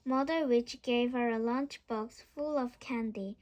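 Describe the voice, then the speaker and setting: Slow, high-voiced woman reading aloud. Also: darkish tone. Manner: careful, repeats words after slips. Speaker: storybook reader. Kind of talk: children's book read-aloud.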